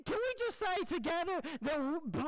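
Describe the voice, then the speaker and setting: A young man, a pastor preaching a folksy, animated, self-deprecating sermon. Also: very high-pitched, a little fast, dry recording, low-quality recording.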